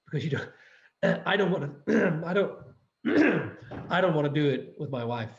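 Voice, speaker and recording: A Danish man with a slightly high voice, talking English with a Danish accent in a relaxed interview. He stops and starts, repeating words as he searches for them. The audio is roomy and a little muffled. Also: measured pace, gravelly. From Denmark. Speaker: guest actor. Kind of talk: casual interview chat.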